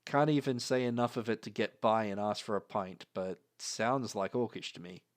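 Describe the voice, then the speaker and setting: A man voicing a pair of gruff, amused male sailor twins who speak in a laconic, teasing way. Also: on the low side, normal speed, close to an everyday voice.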